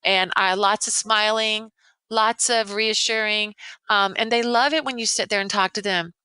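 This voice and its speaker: Bright-voiced older woman educator, rambling. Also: mid-range voice, steady tone, normal speed, clear, resonant tone, no echo, rough recording. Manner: earnest, rambling, many restarts. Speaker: veteran educator, podcast guest. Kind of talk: casual interview chat.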